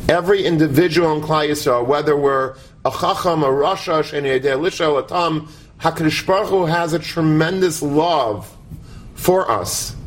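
A man giving a sermon, conversational and animated, often asking the audience to imagine. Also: fairly high pitch, normal speed, a little hiss or hum. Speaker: rabbi giving a talk.

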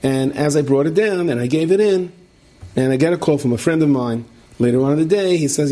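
A man's voice: fairly high pitch, brisk. A middle-aged man, teaching a Torah class and telling stories while asking his listeners questions. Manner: animated storyteller, asks listeners questions.

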